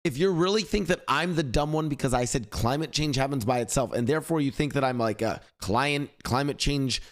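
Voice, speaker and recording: Young man, streamer, profane ranting, heated, middling pitch. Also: fairly quick. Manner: profane ranting at chat, rising to shouting. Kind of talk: live stream reaction commentary.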